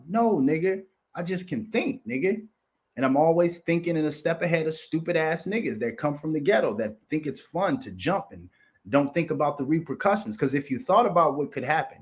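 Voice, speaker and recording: A man's voice: on the high side, a little fast. Profane, rambling male commentary host. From Minnesota, United States. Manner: animated, profane, rambling, with mocking voices. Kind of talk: casual profane commentary monologue.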